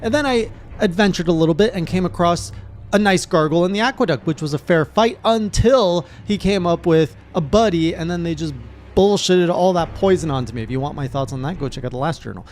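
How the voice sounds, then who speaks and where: A man, a gaming streamer, recapping his playthrough in casual narration with animated, excited reactions. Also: fairly high pitch, a little fast, a little hiss or hum.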